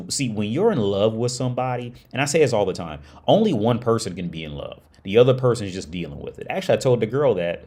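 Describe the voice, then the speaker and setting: A man hosting a livestream who retells a story at length, loose and profane, full of restarts. His voice sits very low. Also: a little mellow. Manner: profane, rambling, many restarts. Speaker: livestream host. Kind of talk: casual storytelling.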